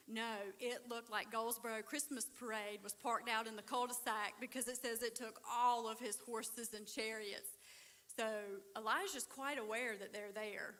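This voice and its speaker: Woman preaching at church, bright voice, a bit high, acts out the bible characters. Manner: animated storytelling, acts out biblical characters. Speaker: recovery ministry speaker. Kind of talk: conversational sermon.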